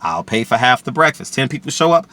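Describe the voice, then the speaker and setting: A man giving opinionated solo commentary to camera, boastful and repetitive, now and then bursting into loud shouts. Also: mid-range voice, big pitch swings, fast, no echo. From DC area, USA. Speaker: vlogger and boxing commentator.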